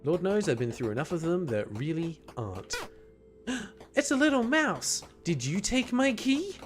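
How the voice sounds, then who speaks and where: With faint music in the background, a high-pitched man gives very animated commentary at a moderate pace while livestreaming a horror game, keeping it casual, playful, and chatty with his viewers.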